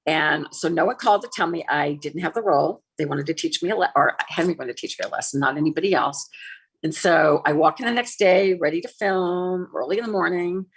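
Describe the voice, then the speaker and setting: A woman's voice: on the low side, a little fast, breathy edge. A woman in her sixties, an actress and former TV host, telling an aggrieved personal story as an interview guest and acting out the dialogue. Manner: animated, acts out quoted dialogue; candid, aggrieved.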